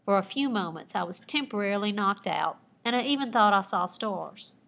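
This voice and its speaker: A woman teacher reading aloud her own personal narrative with lively expression, pausing to point out the writing techniques she used. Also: medium pitch, creaky. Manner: expressive storytelling with asides pointing out figurative language.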